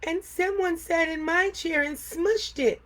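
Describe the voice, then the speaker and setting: A woman's voice: measured pace, fairly bright tone. A woman voicing a small, tearful baby bear cub in a children's storybook. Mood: upset. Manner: whiny, high and crying.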